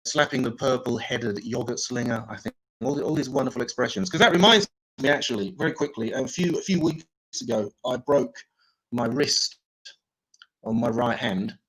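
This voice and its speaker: A man performing improvised stand-up in a dry, deadpan manner. His voice sits at an ordinary middle pitch, breaking now and then into loud, mocking impressions. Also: moderate pace, husky, low-quality recording. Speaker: stand-up comedian.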